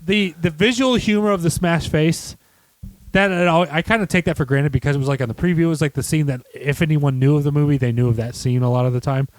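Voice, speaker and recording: A man co-hosting a podcast, chatting casually about a movie, animated and swearing, acting out quotes. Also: a little high, quick pace, no room sound. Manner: animated, acts out quotes in shrieking voices, swears. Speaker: podcast co-host. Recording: dry close-miked home studio.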